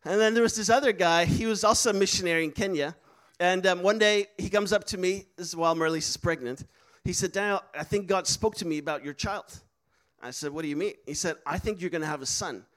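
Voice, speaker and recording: A man's voice: high voice, fast talker, fairly bright tone. A man preaching a sermon, telling a story with laughs and acting out the voices of people he quotes. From Netherlands.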